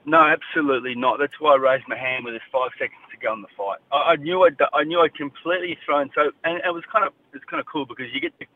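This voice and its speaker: Aussie boxer bloke on the phone, blunt and fired up, tinny line w faint hiss. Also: male voice, on the high side, quick pace, few pauses. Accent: Australian. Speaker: boxer guest. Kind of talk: radio phone interview.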